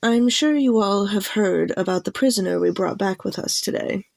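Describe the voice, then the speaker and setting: In an audiobook, a woman gives voice to a grave, commanding she-cat who leads her clan, addressing the gathering in a steady, formal way. Her voice is medium-pitched and gravelly, close to an everyday voice, at normal speed with no echo.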